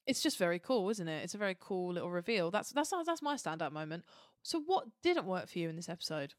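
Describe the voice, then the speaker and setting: A woman's voice: lowish voice, very animated, fast, no room sound, clean studio sound. A woman co-hosting a podcast in casual chat, upbeat and leading the questions. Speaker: podcast co-host.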